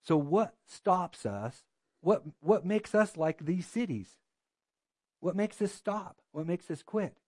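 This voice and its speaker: A man's voice: high voice, lively intonation, slow pace, darkish tone, no echo. A man preaching a sermon as a pastor, earnest and full of rhetorical questions.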